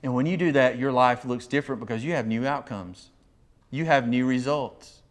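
A man preaching a sermon, animated, often acting out quoted voices of others. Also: mid-range voice, moderate pace. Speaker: pastor.

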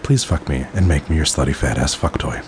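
A man voicing a submissive young woman wrestler in breathless, high, pleading tones. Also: a little fast, a little hiss or hum.

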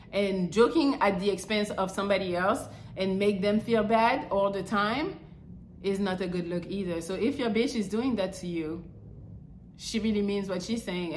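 A woman's voice: mid-range voice, slight background noise. Blunt, crude-talking woman in an echoey room. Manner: crude, animated, swings into mocking quoted voices. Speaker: podcast host. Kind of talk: blunt advice monologue.

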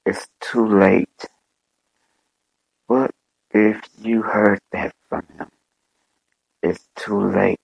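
Man, bishop, fervent sermon, husky voice, dramatic repetition. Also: fairly low pitch, level tone, no echo, rough recording. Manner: slow, drawn-out preaching with dramatic repetition. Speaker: bishop and podcast host.

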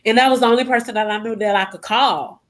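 A woman's voice: on the high side, fairly even intonation, quick pace. A young adult woman, a guest, emotionally retelling a personal story and acting out what people said. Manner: emotional retelling with acted-out quotes.

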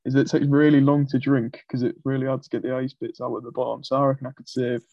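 A man in a casual podcast chat, talking in an animated way and laughing as he goes. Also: medium pitch, quick pace, no room sound, dull audio. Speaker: podcast co-host.

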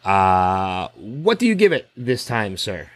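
A man co-hosting a podcast, chatting casually and telling stories in an animated way. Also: lowish voice, slow pace. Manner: animated storyteller, acts out quotes. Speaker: podcast co-host. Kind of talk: casual chat.

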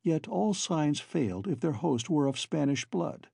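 Husky, mellow male audiobook narrator. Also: on the high side, animated, a little slow, no room sound, studio quality. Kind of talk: scripted narration.

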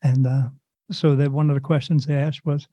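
A man's voice: on the high side, moderate pace, dry recording. A man as an interview guest, telling a long personal story in a loose, rambling way, acting out what others said and adding sound effects. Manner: animated, rambling retelling with quoted dialogue and sound effects. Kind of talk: casual storytelling.

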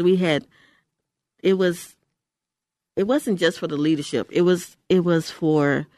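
A woman's voice: low-pitched, darkish tone, dry recording. An older woman hosting Christian radio from a studio mic, her voice dry and close. She is from Houston and speaks with emphatic exhortation, doubling back on phrases to drive them home. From Houston, Texas. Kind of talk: radio ministry talk.

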